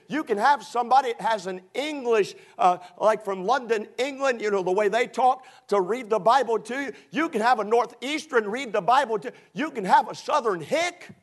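A male preacher delivering a sermon, emphatic and full of rhetorical questions, swinging from loud shouts to low quiet asides.

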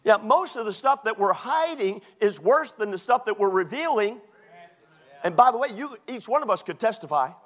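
A male pastor preaching with a lively, swooping delivery. His voice sits high for a man, and he jumps from scripture reading to sharp, mocking asides. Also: moderate pace. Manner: animated, mocking, preaching with quoted put-on voices. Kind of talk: sermon.

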